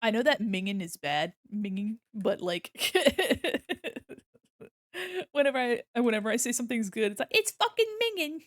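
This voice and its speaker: A woman's voice: medium pitch, moderate pace, no echo, clean studio sound. A woman streaming her drawing session, chatting casually and giggling while she explains each step. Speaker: art streamer. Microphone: desk microphone.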